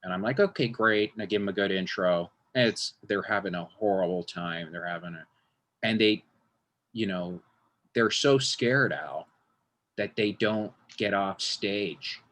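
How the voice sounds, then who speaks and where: A man's voice: on the low side, unhurried, a bit bright. A man, a magician, talking in a casual interview, rambling with frequent restarts and acting out quotes.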